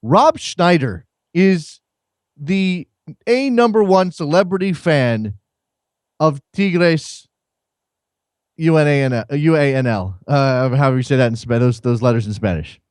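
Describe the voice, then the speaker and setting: A man's voice: fairly high pitch, animated, a little slow, darkish tone, clean tone, no room sound. A man hosting a soccer call-in show in a radio studio, chatting casually in a wry, rambling way and often repeating words. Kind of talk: casual chat.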